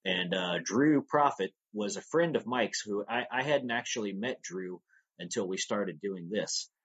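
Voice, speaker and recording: Husky-voiced man, easygoing rambling guest. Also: fairly low pitch, unhurried, fairly bright tone, lo-fi sound. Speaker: podcast guest, audio drama producer. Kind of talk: casual interview talk.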